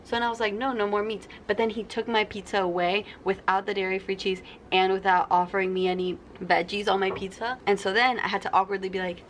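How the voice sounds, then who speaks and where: A woman's voice: medium pitch, steady tone, quick pace, hardly any pauses, a little hiss or hum. A young adult woman vlogging casually to camera, telling stories and acting out the people in them. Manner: chatty storytelling, acts out quoted people. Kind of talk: casual sit-down vlog.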